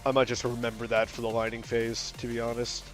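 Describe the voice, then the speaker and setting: A young man streaming from home, talking casually and rambling through his stories with plenty of filler and profanity. His voice sits at a middle pitch, and faint music plays underneath. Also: a little fast. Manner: gets loud and animated when ranting. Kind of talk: casual stream chat while drawing.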